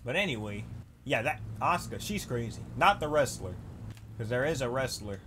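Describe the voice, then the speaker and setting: A man's voice: mid-range voice, lively intonation, normal speed, pushed and bright, slight background noise. A man casually commentating his own gameplay, loose and chatty with laughs and sudden outbursts. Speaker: gaming YouTuber.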